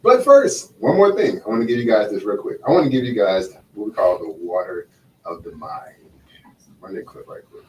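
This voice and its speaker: A man with a fairly low, very animated voice hosts a casual podcast at normal speed, using slang and checking in with "right?" The echoey room, distant mic, and faint noise color the recording.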